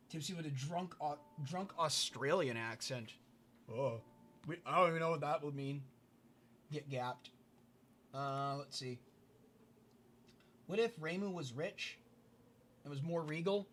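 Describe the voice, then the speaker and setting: A man's voice: on the high side, lively intonation, measured pace, long pauses, fairly bright tone, a little hiss or hum. A man streaming a building game, chatting casually with his viewers and muttering to himself as he places blocks. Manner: muttering to himself while building, answering chat. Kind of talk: casual livestream chat while playing.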